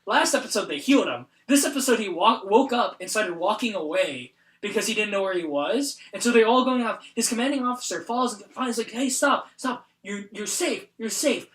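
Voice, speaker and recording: A man's voice: sits high, a little fast, hardly any pauses. A young man hosting a podcast, retelling scenes with lots of fillers in casual chat. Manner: animated retelling, many fillers. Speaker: podcast host. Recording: roomy echo.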